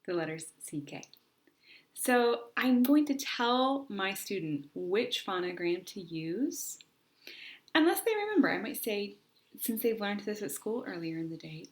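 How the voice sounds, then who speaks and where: A woman teaching parents how to practice spelling at home, explaining each step patiently and sounding out letters slowly, sometimes dropping to a soft whisper. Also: medium pitch. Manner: patient, deliberate, models sounds slowly and clearly. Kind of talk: instructional explanation.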